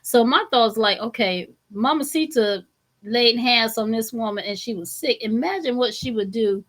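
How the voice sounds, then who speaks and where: A woman's voice: on the high side, moderate pace, a bit bright. A woman hosting a legal commentary channel, chatting to viewers and explaining a story. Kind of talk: casual commentary.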